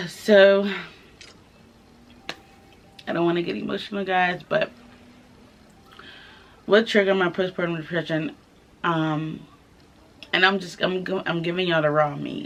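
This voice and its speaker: A young woman telling her own story to the camera in a casual vlog, candid and soft-spoken, pausing often with fillers. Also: fairly low pitch, steady tone, muffled recording. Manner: candid, halting, many fillers. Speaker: vlogger. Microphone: camera mic, filming herself.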